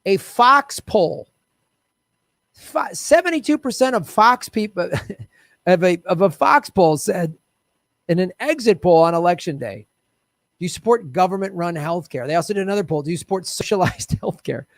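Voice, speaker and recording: A man's voice: high-pitched, animated, normal speed, creaky, no echo. A man hosting a solo political commentary livestream, ranting in an exasperated way, swearing freely and chatting asides to his viewers.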